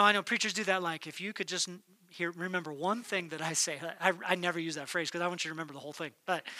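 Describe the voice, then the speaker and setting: A man preaching a sermon as pastor, swinging between emphatic declarations and hushed, near-whispered lines. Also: high-pitched, dry recording. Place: church.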